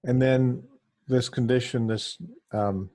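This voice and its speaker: A man's voice: mid-range voice, fairly even intonation, slow pace, mellow. A man hosting an interview, asking casual and somewhat hesitant questions. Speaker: host.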